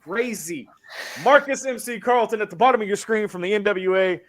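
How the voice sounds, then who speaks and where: A man from Arkansas hosting a sports podcast, talking loud and brash with excitable banter. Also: high voice, brisk. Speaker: podcast host.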